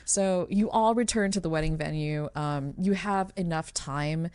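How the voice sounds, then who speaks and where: A woman's voice: on the low side, measured pace, a little mellow, clear, resonant tone, dry recording. A woman narrating as game master of a tabletop role-playing game, chatty and laughing, with many fillers and restarts.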